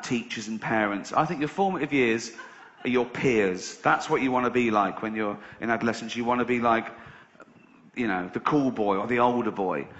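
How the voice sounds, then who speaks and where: Comedian, echoey live room. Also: male voice, mid-range voice, fairly bright tone. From England. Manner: swearing, conversational, laughing at his own jokes. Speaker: stand-up comedian. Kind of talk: stand-up comedy routine. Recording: echoey dull live venue recording.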